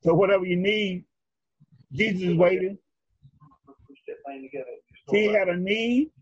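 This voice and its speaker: A male preacher giving a sermon in a rhythmic, drawn-out style, calling for responses from his congregation. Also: sits high, fairly even intonation, slightly rough, no room sound. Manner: rhythmic, drawn-out phrasing, leads the congregation in repeating lines. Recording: dull lo-fi recording.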